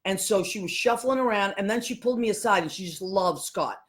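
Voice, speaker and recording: A woman's voice: medium pitch, brisk. A woman hosting a live show solo, chatting casually and greeting listeners one by one by name. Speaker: host.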